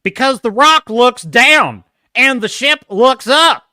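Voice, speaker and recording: A man playing a homespun country talker with a drawl. The voice swoops lively and sounds bright in a dry, close recording. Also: extremely high pitch, takes it slowly, dry recording, pitched above the performer's own voice, full character voice. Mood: folksy.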